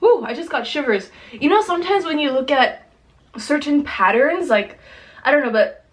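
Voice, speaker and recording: A woman hosting a casual food vlog at home, chatty and excitable as she eats and describes each dish, teary from spicy food. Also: sits high, normal speed. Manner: chatty, excitable, exclaims often. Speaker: mukbang host.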